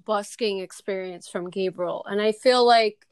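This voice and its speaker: A woman's voice: medium pitch, smooth, no room sound. A young woman tells a story in a casual chat, packing her talk with "like" and restarts. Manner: fast, filler-heavy storytelling with many "like"s.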